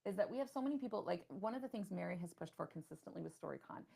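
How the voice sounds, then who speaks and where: A woman's voice: fairly low pitch, lively intonation, gravelly, mellow, husky. A woman co-hosting a livestream, talking enthusiastically and jumping in often. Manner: enthusiastic, talkative, quick to jump in. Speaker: livestream co-host. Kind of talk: casual livestream chat.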